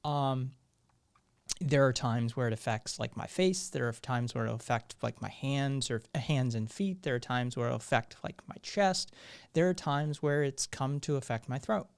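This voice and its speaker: A man hosting a live stream, his voice still hoarse, talking in a rambling, sardonic way and swearing freely. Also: medium pitch, normal speed. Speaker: live-stream show host. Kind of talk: casual live-stream commentary.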